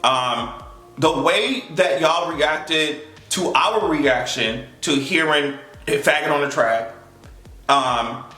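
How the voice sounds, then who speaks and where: A man with a high, bright voice delivers a heated, sarcastic vlog rant full of profanity. He slips into mocking voices now and then. The room is echoey, with faint music playing underneath. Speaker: vlogger. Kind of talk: casual opinion rant to camera.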